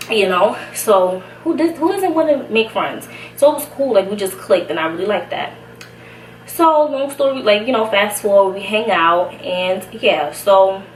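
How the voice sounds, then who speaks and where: Chatty young woman in an echoey room. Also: mid-range voice. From Brooklyn, New York. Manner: chatty, slangy, laughs often. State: out of breath. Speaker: vlogger. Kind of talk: casual storytime. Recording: echoey room, somewhat far from mic, faint hiss.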